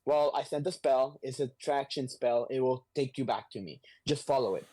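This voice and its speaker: A man voicing a grave male sorcerer who speaks in a deadpan way. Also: medium pitch, moderate pace, slightly rough, lightly acted. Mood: instructing. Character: dry, gloomy male sorcerer from the future.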